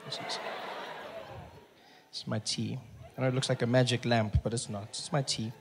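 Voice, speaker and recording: A man from South Africa performing a stand-up comedy set, telling stories with lively character voices and sudden soft passages. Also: mid-range voice, moderate pace, gravelly, background noise. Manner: animated storytelling, acts out characters, drops into soft voice. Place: live comedy venue with audience.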